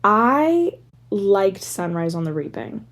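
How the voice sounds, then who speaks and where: A woman's voice: medium pitch, very animated, slow, a bit bright. A woman in her thirties hosting a solo podcast, rambling casually through tangents with lots of "like" fillers. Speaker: podcast host.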